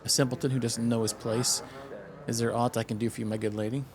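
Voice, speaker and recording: A man's voice: mid-range voice, flat delivery, fast, a crowd in the background, close to an everyday voice. A man voicing a pompous, boastful male innkeeper who tells tales in theatrical, old-fashioned speech while reading game dialogue aloud. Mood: haughty.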